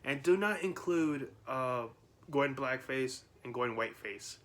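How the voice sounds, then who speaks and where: A man's voice: mid-range voice, lively intonation, a little slow, a bit bright. A man vlogging in casual chat, rambling with frequent laughs, restarts and fillers.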